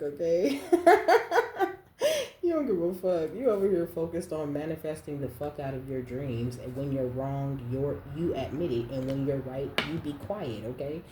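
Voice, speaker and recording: A woman's voice: low voice, warm tone. A woman giving a casual spiritual card reading, blunt and profane, often laughing and ending lines with "okay?". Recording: roomy echo.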